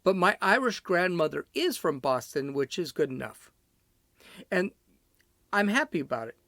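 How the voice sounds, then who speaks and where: A man's voice: sits high, sing-song, moderate pace, fairly bright tone, dry recording, clean studio sound. A middle-aged man from Chicago hosting his own solo podcast, rambling, blunt and opinionated, often breaking off mid-sentence. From Chicago, USA. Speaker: podcast host.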